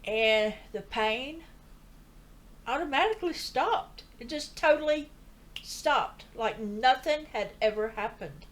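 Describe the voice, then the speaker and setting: A woman's voice: fairly high pitch, animated, slow, a little hiss or hum. Older woman telling her story earnestly. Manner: earnest, chatty storytelling with asides. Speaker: vlogger telling a personal story. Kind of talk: casual testimony.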